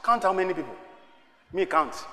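High-voiced preacher in an echoing hall. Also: male voice, big pitch swings, normal speed. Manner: swings between hushed asides and shouted exhortations. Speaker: pastor. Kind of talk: sermon. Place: large church hall. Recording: echoey reverberant church hall.

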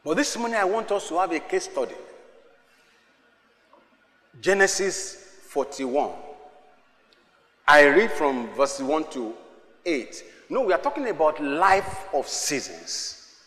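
A male pastor preaches in a sharp, forceful voice that sits high for a man. He works the congregation with call-and-response, sliding from quiet asides up to shouting. The sound is roomy, with reverb trailing off in a large hall. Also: big pitch swings, slow, pauses often. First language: Yoruba. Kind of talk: sermon. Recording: echoey hall with long reverb.

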